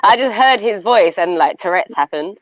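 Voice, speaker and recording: A woman's voice: medium pitch, lively intonation, moderate pace, highs cut off, crowd noise. A woman on a live panel call, chatting casually and teasing the others bluntly. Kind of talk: casual group call banter.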